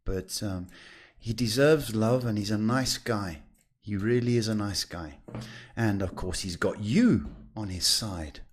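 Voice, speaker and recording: Man, psychic host, reassuring, chatty, lots of ums, slows down for emphasis. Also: on the low side. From South Africa. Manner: reassuring, chatty, drawn-out emphasis with many fillers. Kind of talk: live tarot reading podcast.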